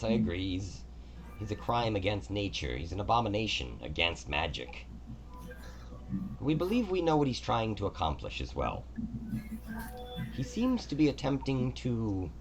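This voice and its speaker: A man voicing a calm, courteous male god of the dead who speaks in a measured way. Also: lowish voice, a little hiss or hum, pitched above the performer's own voice, full character voice.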